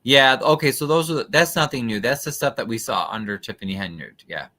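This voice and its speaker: A man's voice: mid-range voice, lively intonation, a little fast, pushed and bright. A man hosting a casual livestream, commenting skeptically and chattily on documents he reads aloud, with frequent fillers. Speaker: livestream host.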